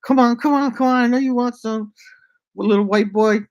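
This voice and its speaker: A man voicing a brash, flirty streetwalker calling out a teasing come-on in a much higher, louder voice. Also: steady tone, a little fast, no echo, highs cut off, natural voice.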